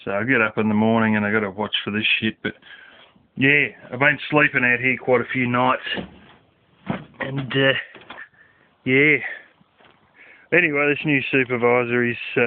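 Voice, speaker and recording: A man's voice: mid-range voice, steady tone, unhurried, long pauses. A man, talking casually in a rambling vlog, swearing and using lots of fillers, recorded outdoors at night. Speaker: vlogger. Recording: dry, phone-like lo-fi sound.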